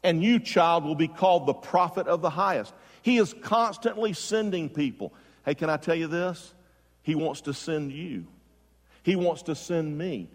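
A man's voice: a little high, normal speed. A man preaching a sermon as pastor, building emphasis and asking the congregation direct questions. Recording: long hall reverb.

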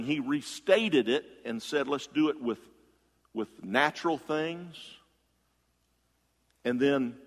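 A male pastor delivers a sermon in a conversational way, with quick asides to the congregation. His voice has a rough, gravelly texture, and it swings between loud bursts and low, quiet passages. A long reverb trails each phrase in the big room.

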